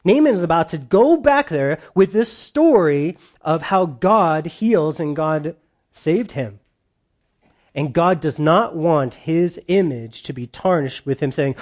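A man's voice: fairly high pitch, lively intonation, slow pace. A man preaching a sermon in a church, emphatic and conversational, often slipping into quoted voices. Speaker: pastor.

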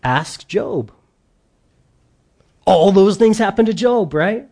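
Male pastor, sermon delivery: emphatic and earnest with light asides, a fairly high voice for a man. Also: lively intonation, takes it slowly, darkish tone.

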